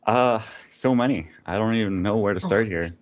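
A man co-hosting a podcast, asking his questions in a hesitant, halting way. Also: lowish voice. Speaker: podcast co-host. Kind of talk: casual chat.

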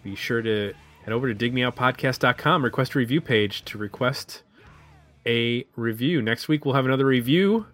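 A man's voice: mid-range voice, moderate pace, a bit bright, soft background music. A man co-hosting an album review podcast, chatting casually with some hesitant fillers. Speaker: podcast co-host.

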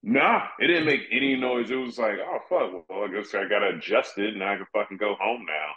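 A man who is a guest comedian, telling animated, profane stories in casual chat. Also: lowish voice, fairly quick. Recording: roomy, dull-sounding audio.

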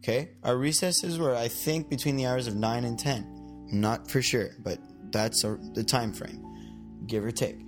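A man's voice: medium pitch, normal speed, music in the background. A young man co-hosting a casual podcast, telling a rambling story and acting out what people said. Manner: rambling, animated storyteller who acts out quotes. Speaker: podcast co-host telling stories.

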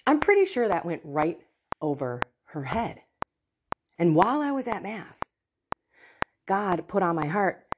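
A woman hosting a Catholic podcast, telling personal faith stories in an earnest, animated way with laughs and asides. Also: on the low side, unhurried, long pauses. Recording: audible background noise.

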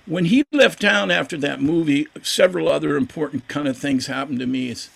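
An older man with a gravelly, rough-edged voice that sits a little high for a man. He tells his story as a guest in a casual interview. He is animated and acts out the voices of the people he talks about. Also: brisk. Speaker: guest musician.

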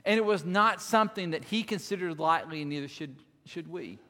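A man, a lead minister, preaching a sermon earnestly, swinging between loud emphasis and quiet, soft-spoken moments. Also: fairly high pitch, a little fast. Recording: long hall reverb.

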